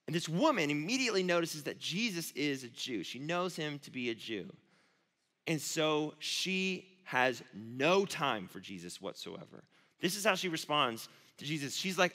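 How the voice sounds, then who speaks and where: A man, a youth pastor, giving a casual, storytelling sermon with animated asides. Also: fairly high pitch, normal speed. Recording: long reverb of a large hall.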